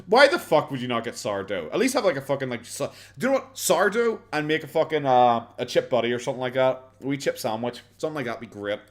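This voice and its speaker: Irish man, young, streamer. Casual reaction commentary, mid pitch, sardonic, foul-mouthed, rambling. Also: sing-song, fast talker, few pauses, a little hiss or hum. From Ireland. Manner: sarcastic, swears freely, rambling with many fillers.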